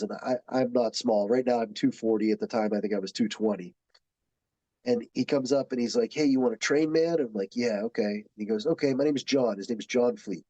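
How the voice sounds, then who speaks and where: A man's voice: mid-range voice, no room sound, lo-fi sound. A man who teaches jiu-jitsu, telling stories in casual podcast chat and acting out the people he quotes. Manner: animated storyteller, acts out quotes.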